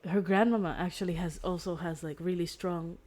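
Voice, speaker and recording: A woman's voice: fairly low pitch, fairly even intonation, fairly quick, darkish tone. A woman streamer casually retelling a story, rambling with fillers and restarts and acting out the quoted lines.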